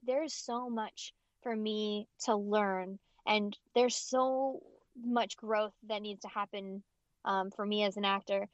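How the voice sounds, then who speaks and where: A woman voice actress giving emphatic, expressive interview answers, often restarting her sentences. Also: medium pitch, no echo. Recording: slightly dull, dry audio.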